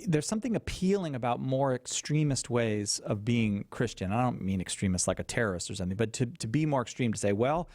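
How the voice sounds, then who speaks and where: A man's voice: medium pitch, a little mellow, no echo. A man hosting a live call-in radio show, talking with frequent hesitations and restarts. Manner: hesitant, with many fillers and restarts. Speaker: radio talk show host. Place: radio studio.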